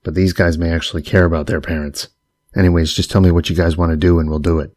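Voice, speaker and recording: A man voicing a middle-aged getaway driver in an audiobook, low and calm while he lays out threats. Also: fast, no echo, clean studio sound. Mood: cool, menacing. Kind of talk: audiobook character voice.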